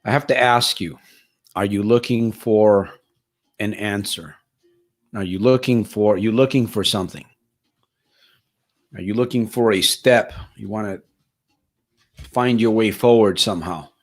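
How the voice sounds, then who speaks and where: A man's voice: fairly low pitch, a little slow, long pauses. A man from Stockton, California hosting a live-stream Q&A as a motivational life coach, earnest and repetitive, often restarting and repeating his phrases.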